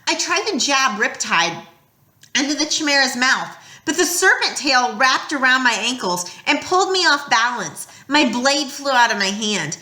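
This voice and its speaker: Brief: animated female audiobook narrator, bright and lively, tense beats read softer, roomy echo. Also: a little high. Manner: expressive storytelling, drops quiet at tense moments. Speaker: audiobook reader. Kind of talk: first-person novel narration.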